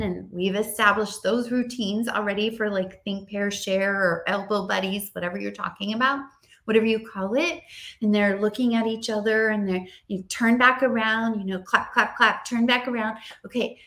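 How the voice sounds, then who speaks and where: A woman teacher giving a casual, upbeat training talk to other teachers, chatty and lively. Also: medium pitch, normal speed. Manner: upbeat, chatty, acts out classroom dialogue.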